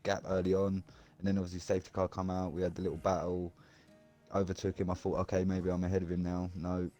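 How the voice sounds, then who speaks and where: A man interviewed after a sim race, rambling and excitable, with halting restarts. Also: deep voice, faint music behind. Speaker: sim racing driver being interviewed. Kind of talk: casual post-race chat.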